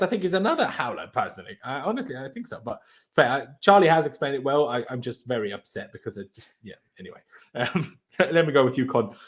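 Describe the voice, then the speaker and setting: A man hosting a casual online fan panel, chatting and passing questions to his guests over a video call. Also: on the high side. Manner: fast, chatty, hands the floor to others. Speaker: host of a fan reaction panel.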